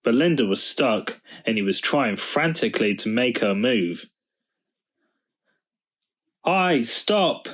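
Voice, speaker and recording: A man reading a children's storybook aloud, in slow, measured storytelling. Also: lowish voice, lively intonation, fairly bright tone. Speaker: storybook reader.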